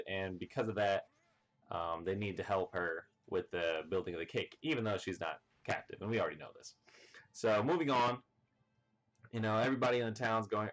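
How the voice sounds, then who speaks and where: A man casually recapping a comic chapter, rambling with lots of filler words and playing out the characters' lines as he goes. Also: fairly low pitch. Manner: rambling, full of "you know" and "like" fillers; excited, acts out characters' lines. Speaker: manga reviewer.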